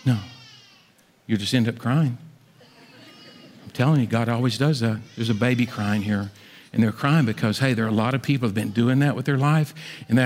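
A middle-aged man preaching a sermon as pastor, swinging from loud, high appeals down to hushed asides. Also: moderate pace, long pauses, long reverb tail.

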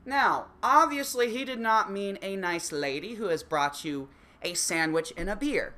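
A man's voice: high-pitched, very animated, normal speed, bright, forceful tone. A man delivering a profane, sarcastic comedic rant, swearing constantly. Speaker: comedic ranter.

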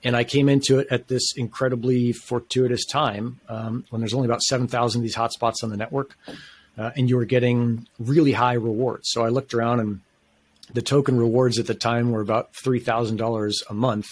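A man in his thirties talks as a podcast guest, his voice sitting at an ordinary middle pitch. He tells his story in an excited, rambling way, with loose, slangy phrasing. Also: brisk. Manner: enthusiastic, rambling, casual slang. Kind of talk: casual storytelling.

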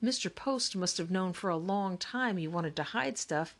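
A woman narrator plays a calm, clever older brother in a storybook. He lays out his reasoning patiently and evenly. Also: on the low side, normal speed. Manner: calm, explaining. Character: calm, thoughtful older brother, puzzle-solver. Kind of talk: audiobook character reading.

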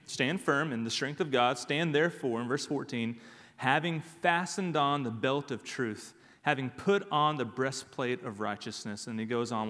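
A man's voice: mid-range voice, a bit bright, big-room sound. A man preaching a sermon as pastor, emphatic and repeating his key phrases.

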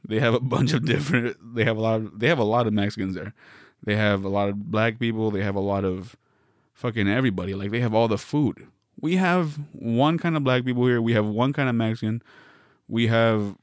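A man's voice: on the low side, no echo, clean studio sound. A man from the West Coast, hosting a solo podcast, riffing through a meandering, wry comedic monologue with many self-interruptions.

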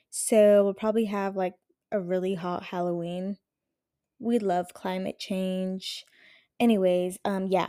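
A woman's voice: mid-range voice, warm tone, dry recording, clean studio sound. A young woman hosting a podcast in casual chat, rambling, frank and profane. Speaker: podcast host.

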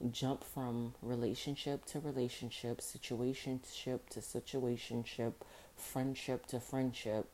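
Deep, dark-voiced woman podcast host. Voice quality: morning voice, a little rough. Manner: chatty, informal, repeats phrases for emphasis. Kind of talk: casual solo podcast monologue.

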